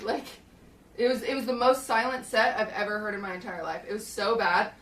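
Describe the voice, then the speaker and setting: A woman's voice: fairly high pitch, fairly quick, a bit bright, a little hiss or hum. A young woman streamer casually retelling a story in a rambling way, with lots of fillers, in a small hot shed. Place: small hot shed used as a podcast studio. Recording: roomy, distant mic.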